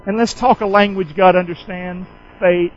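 A man's voice: high-pitched, steady tone, normal speed, dull audio. A man pastor preaching a sermon in a folksy, call-and-response way, firing questions at the congregation.

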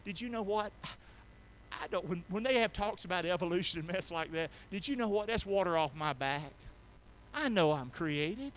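A male pastor preaching a sermon in a church, drawing call-and-response from the congregation and swinging from soft asides to shouted emphasis. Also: sits high, animated, normal speed, slight background noise. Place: church sanctuary.

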